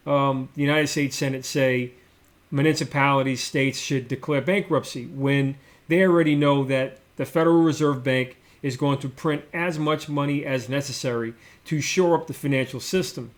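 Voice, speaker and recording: A middle-aged man with a slightly high-pitched voice presents a policy talk over slides. He speaks as a former mayor, hammering points by repeating words and leaning on fillers as he explains. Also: fairly bright tone. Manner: repetitive, emphatic, many fillers.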